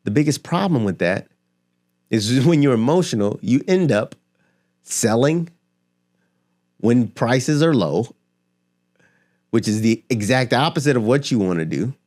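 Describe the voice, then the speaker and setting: A man with a voice of ordinary pitch speaks straight to his audience in a motivational talk. He is emphatic and persuasive, stacking rhetorical questions and repeating phrases to drive his points home. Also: lively intonation, a little slow, pauses often, darkish tone. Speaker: finance and motivation creator. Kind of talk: direct-to-camera motivational talk.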